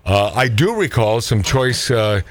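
Brash, animated male talk radio host. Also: medium pitch, unhurried. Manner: brash, mocking, stammering restarts.

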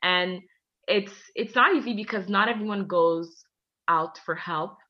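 A woman in her twenties from Canada, a podcast guest telling personal stories in a lively, casual way and acting out both sides of conversations. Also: medium pitch, unhurried, dull audio. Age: 20s. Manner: lively, acts out both sides of conversations, laughs mid-story. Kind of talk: casual storytelling.

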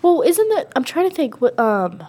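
A woman's voice: high-pitched, sing-song, normal speed, warm tone. A woman co-hosting a casual movie review podcast, chatty and rambling, laughing often, her nose stuffy from a cold. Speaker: podcast co-host. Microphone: podcast microphone.

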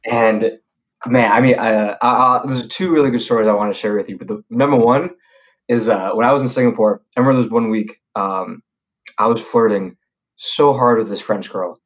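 Animated young man telling stories. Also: on the low side, brisk, poor audio. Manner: animated storyteller, lots of fillers and restarts, slangy. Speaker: podcast guest. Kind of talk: casual storytelling chat.

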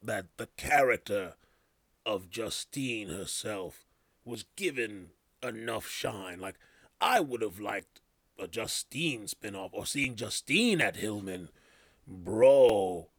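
A man's voice: fairly low pitch, lively intonation, takes it slowly, a bit bright, dry recording. A man hosting a casual podcast, rambling with loose slang, trailing off and restarting his thoughts. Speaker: podcast host. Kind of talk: casual chat.

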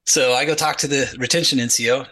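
Bright-voiced man telling army stories. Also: mid-range voice, quick pace, poor audio. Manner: animated storyteller acting out quoted dialogue, many repeated "he's like". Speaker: podcast guest, retired Army sergeant. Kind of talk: casual storytelling interview.

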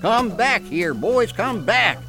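A man's voice: sits high, big pitch swings, slow pace, pushed and bright, faint music behind, pitched above the performer's own voice, full character voice. A man voicing a frightened old backwoods man who hollers for his dogs. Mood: urgent shouting.

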